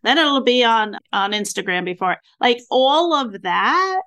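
A woman in her sixties hosting a podcast, chatting casually and telling stories with lively, acted-out reactions. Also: fairly high pitch, measured pace, clean tone. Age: 60s. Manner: animated storyteller acting out her own reactions. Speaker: podcast host. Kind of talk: casual interview chat.

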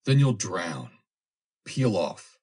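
An actor reading the part of a grim, stern man who gives hard orders quietly in a crisis. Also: sits low, big pitch swings, drawn-out words, breathy edge, heavily acted.

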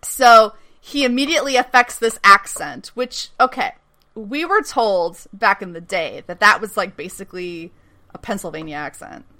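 A woman's voice: medium pitch, moderate pace, sharp tone. A woman casually recapping a TV episode as a podcast host, laughing often, swearing, and acting out quotes.

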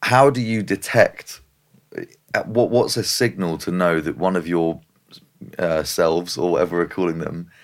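A man's voice: sits low, unhurried. A man co-hosting a podcast, probing with follow-up questions in a casual chat. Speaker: podcast co-host asking questions.

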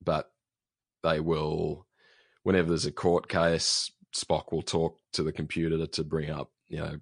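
Low-voiced man co-hosting a podcast. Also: completely flat delivery, a little slow, creaky, breathy edge, no echo, clean studio sound. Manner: chatty, many ums and restarts. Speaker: podcast co-host. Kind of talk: casual chat, reading listener email.

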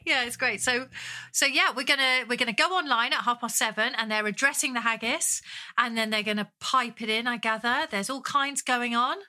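A woman co-hosting a podcast, chatting casually and giggling often in quick bursts. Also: fairly high pitch, bright, forceful tone. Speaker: podcast co-host. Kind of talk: casual chat.

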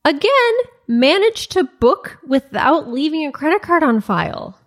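Woman podcast host, casual storyteller, animated, drops into quoted voices, filler-heavy. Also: sits high, unhurried. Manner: animated retelling, acts out quoted dialogue, many "like" fillers.

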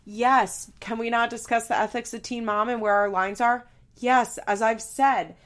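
A woman's voice: fairly high pitch, fairly even intonation, unhurried, fairly bright tone. A woman hosting a podcast, recapping in casual, chatty talk with profanity and sarcastic asides. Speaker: podcast host.

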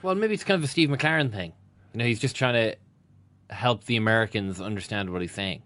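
An Irish co-host with a mid-range voice quips through a sports podcast. The recording is dry and close. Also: male voice, fairly low pitch, brisk, a bit bright, no room sound. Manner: quipping. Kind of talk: casual sports chat.

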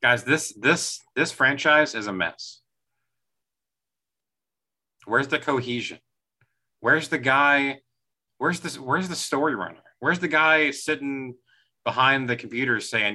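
A man's voice: medium pitch, a little slow, pauses often, pushed and bright. A man hosting a casual movie podcast, rambling and exasperated at the plot. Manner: exasperated, rambling, laughs often. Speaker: podcast host.

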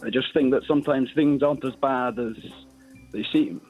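A man's voice: medium pitch, fairly even intonation, moderate pace, phone-quality sound, soft background music. A man calling in to a sports radio show who talks hesitantly and modestly, with lots of ums. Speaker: caller. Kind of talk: phone-in chat.

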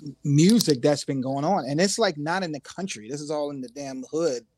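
A man from Newark, New Jersey, as a guest musician telling loose, animated stories with street slang in a casual interview. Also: on the high side, fairly quick, a little hiss or hum.

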